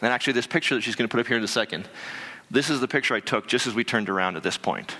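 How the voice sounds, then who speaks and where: A man telling a personal story to an audience, animated and conversational, with many fillers and restarts. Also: mid-range voice, racing, long reverb tail. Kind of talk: live storytelling talk.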